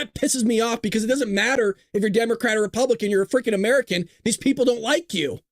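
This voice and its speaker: His very high-pitched voice races along with hardly any pauses as he hosts a political livestream from a small closet. The live-streamed rant is heated and full of swearing, and the recording is dry.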